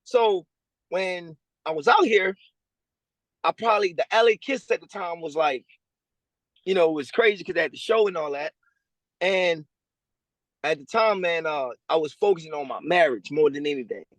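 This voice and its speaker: A man, a guest telling his story over a remote call in a casual, slangy way and acting out other people's lines in a higher voice. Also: normal speed, pauses often, no room sound, poor audio. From Louisiana. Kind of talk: storytelling interview. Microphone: remote call over a weak connection.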